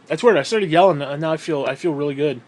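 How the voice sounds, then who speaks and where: A high-voiced man rants into the camera, short of breath, swearing constantly as he vents bitterly. His pitch sits well above most men's. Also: normal speed, vocal fry, darkish tone. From New York State. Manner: profane, bitter ranting. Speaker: vlogger. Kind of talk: ranting vlog monologue.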